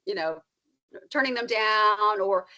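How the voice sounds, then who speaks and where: A woman counselor talking casually on a podcast, animated and explaining, often leaping up in pitch to act out what she quotes. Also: slow. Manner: animated, acts out quoted feelings with big pitch jumps. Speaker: counselor guest. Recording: slightly dull lo-fi sound.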